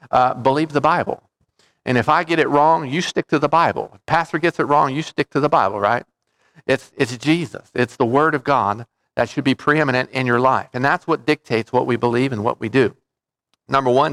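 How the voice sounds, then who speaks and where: A man's voice: mid-range voice, fairly bright tone, no room sound, clean studio sound. A man preaching a sermon as pastor, in a conversational way that often stops to check in with his listeners. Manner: conversational preaching with frequent "okay?" check-ins.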